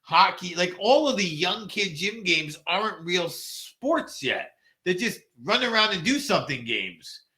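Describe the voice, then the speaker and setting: High, very animated, bright and forceful, this middle-aged man's voice moves at an unhurried pace. As a podcast co-host in casual chat, he rambles, keeps restarting his sentences, fills gaps with fillers, and laughs readily.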